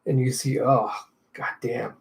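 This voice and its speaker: A man's voice: medium pitch, steady tone, measured pace, vocal fry. A man narrating a comic readthrough in a casual, chatty way, voicing sound effects as he goes.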